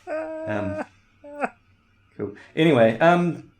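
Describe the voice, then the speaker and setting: A man's voice: sits high, wildly swooping pitch, drawn-out words, gravelly. A man co-hosting a podcast in casual chat, rambling and laughing often. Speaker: podcast co-host.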